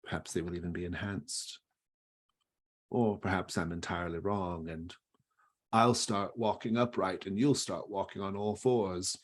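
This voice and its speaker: A proud, wary vixen, as a man puts her on in a tabletop game, with a very deep, husky voice. She speaks calmly and measuredly, with a faintly lofty air. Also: measured pace. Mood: musing.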